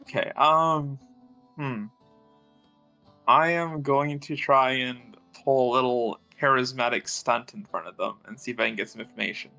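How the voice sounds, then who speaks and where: Man, player, hesitant, bright sharp voice, faint guitar music. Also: mid-range voice, fairly even intonation, moderate pace, gravelly, low-quality recording. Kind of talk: tabletop game play.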